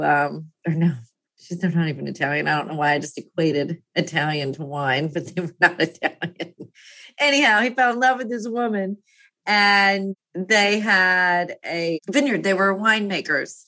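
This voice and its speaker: A woman's voice: fairly low pitch, bright, forceful tone, no room sound. A woman in her fifties talking through a personal topic in a candid monologue. She rambles, laughs often and trails off to restart her thoughts.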